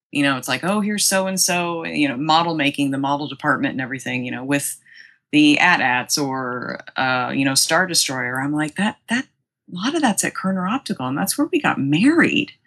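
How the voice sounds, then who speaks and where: A middle-aged woman telling a long story in casual podcast chat, animated and quoting people as she goes. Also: low-pitched. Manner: chatty, animated, quotes people in raised voices. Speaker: podcast guest.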